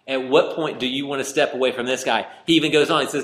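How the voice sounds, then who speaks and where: Male pastor, mid pitch, pleading sermon delivery, echoey room. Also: animated, fast. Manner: pleading, rising to emphatic then dropping quiet.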